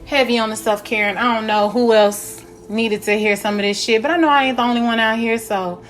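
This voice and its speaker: A woman's voice: fairly high pitch, steady tone, brisk, faint music behind. Profane, blunt young woman vlogging. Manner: blunt, profane, laughing often. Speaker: spiritual vlogger. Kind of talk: candid casual monologue.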